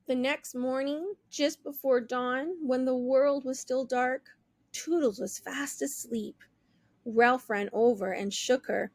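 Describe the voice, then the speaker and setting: A woman teacher reading a children's book aloud with clear, expressive storytelling. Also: high voice, slow pace, dry recording. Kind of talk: children's read-aloud narration.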